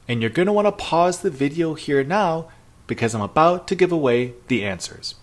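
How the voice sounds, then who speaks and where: A man teaching a recorded language lesson, speaking slowly and carefully and repeating each example phrase. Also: on the high side, animated, roomy sound. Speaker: Chinese language instructor.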